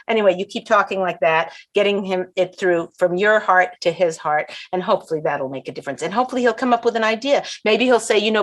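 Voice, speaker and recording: A woman's voice: medium pitch, a little fast, few pauses. A woman hosting a comedic advice game show, chatty and full of asides, acting out little scenes as she explains. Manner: chatty, acts out little scenes with quoted voices; frequent restarts and asides.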